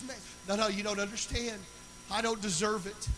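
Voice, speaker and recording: A man with a high, bright voice preaches a sermon. He tells a personal story in a loose, talky way, then swells into loud, rhythmic, chanting preaching. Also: fairly even intonation, brisk, low-quality recording. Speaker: pastor.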